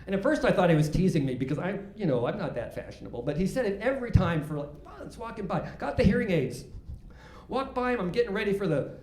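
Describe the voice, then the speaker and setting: Lively self-mocking older comedian, echoey. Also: male voice, high voice, quick pace, slight background noise. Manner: self-mocking, rambling, with frequent false starts. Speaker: stand-up comedian. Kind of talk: stand-up comedy set.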